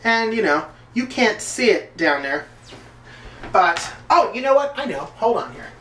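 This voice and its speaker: A man's voice: sits high, very animated, unhurried, pushed and bright. Rambling man chatting while cooking. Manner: rambling, loose, lots of filler words. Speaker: video journal host. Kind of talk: casual chat while cooking. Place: home kitchen. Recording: roomy, distant mic, faint background noise.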